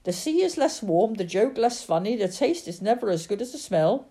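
A woman's voice: medium pitch, big pitch swings, normal speed, warm tone. A woman voicing a pessimistic male philosopher who cries out in dismay. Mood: gloomy. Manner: crying out in dismay.

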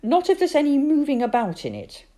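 A woman voicing a grumpy, gloomy father in a storybook reading, complaining in a flat, sulky way. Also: high-pitched, a little fast, pitched above the performer's own voice.

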